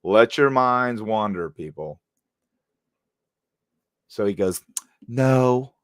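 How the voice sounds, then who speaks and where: Here a middle-aged ex-police officer recounts a tale in a relaxed, animated way, addressing his viewers head-on. He speaks slowly, with a lowish voice.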